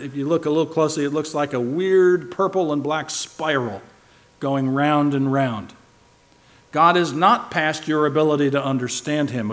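A man preaching a sermon with emphatic stress, now and then asking the listeners questions. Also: fairly high pitch. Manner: emphatic, shifting loud and soft for stress; asks the listeners rhetorical questions.

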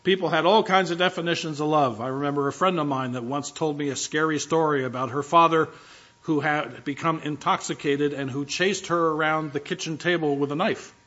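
A man's voice: on the high side, fairly even intonation, a little fast, fairly bright tone, highs cut off. A male pastor giving a conversational sermon, teaching with rhetorical questions and asides.

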